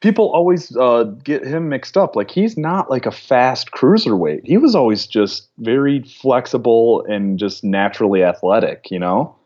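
A man as a podcast guest, talking casually in a relaxed way and laughing often. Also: medium pitch, normal speed, few pauses. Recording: dull lo-fi mic.

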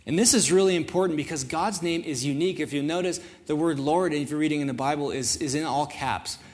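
A man's voice: a little high, fairly quick. A young man on a church's student ministry staff preaching a sermon, telling stories in a casual, self-deprecating way.

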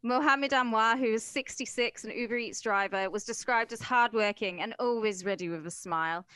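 A woman's voice: fairly high pitch, normal speed, a bit bright, clean tone, no room sound. A woman co-hosting a podcast, chatting in a wry, sarcastic way while retelling news stories. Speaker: podcast co-host.

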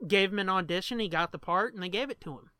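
Bright, smooth-voiced joking podcast co-host. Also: mid-range voice, no room sound, studio quality. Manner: animated, joking, swears freely, talks fast in bursts. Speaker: co-host of a movie commentary podcast. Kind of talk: casual commentary chat over a movie.

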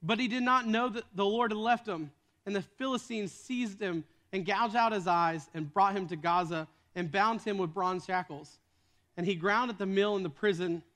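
A man's voice: high-pitched, fairly bright tone. A man preaching a sermon as a retold story, casual in tone with joking asides.

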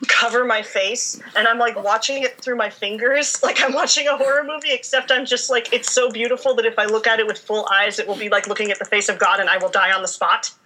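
A young woman chatting as a guest with a bright, forceful voice, rambling through animated stories and laughing as she goes. She sits a little above the usual pitch for a woman and talks like a fan fiction writer in a casual chat. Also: slight background noise, rough recording.

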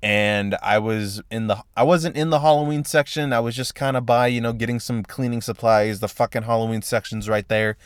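A man's voice: mid-range voice, fairly even intonation, a little fast, few pauses, clear, resonant tone, no echo, studio quality. A man hosting a solo podcast, telling a long, rambling story about his day with lots of swearing and exasperation. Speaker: podcast host. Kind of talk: casual solo podcast rant.

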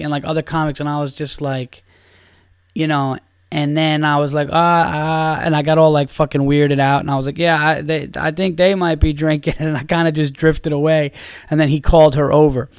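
A man's voice: on the high side, no echo. A man, a comedian and podcast host, telling a long rambling story full of swearing and fillers. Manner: rambling and profane, lots of fillers. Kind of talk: casual storytelling.

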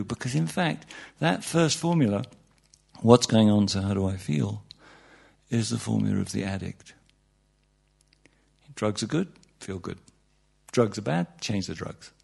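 A man with a gravelly, middle-pitched voice gives an informal spiritual talk. He rambles through it with humor and many asides, and his voice leaps upward when he stresses a point. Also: darkish tone. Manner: chatty and humorous, many asides and "you know"s. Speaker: meditation teacher.

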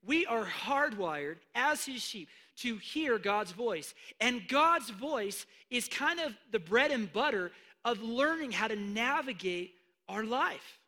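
A man preaching a sermon, animated, swinging between hushed asides and loud emphatic declarations. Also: very high voice, takes it slowly. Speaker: pastor.

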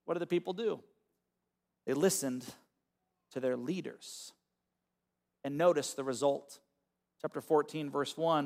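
A man preaching a sermon as pastor, moving between quiet, low reflection and loud, emphatic calls to the congregation. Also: moderate pace, long pauses.

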